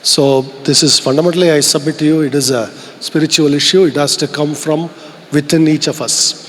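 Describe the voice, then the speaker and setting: A man's voice: fairly high pitch, fairly even intonation, fairly quick, a bit bright, slight background noise. A man with an Indian English accent giving an earnest, reflective conference keynote, posing rhetorical questions to the audience. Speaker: keynote speaker. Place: large event hall. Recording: long reverb of a large hall.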